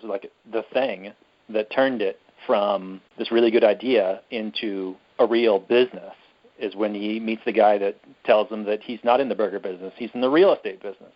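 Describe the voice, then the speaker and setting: A man co-hosting a podcast, talking casually and earnestly about a movie and openly getting sentimental. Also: fairly low pitch. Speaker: podcast co-host. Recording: slightly dull lo-fi sound.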